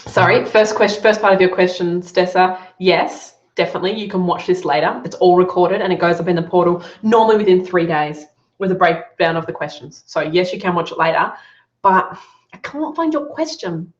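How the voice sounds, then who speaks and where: Brisk and steady in tone, a lowish-voiced woman coaches business students in a live online Q&A, giving them upbeat, encouraging feedback on their work. The sound is roomy, dull, and lo-fi.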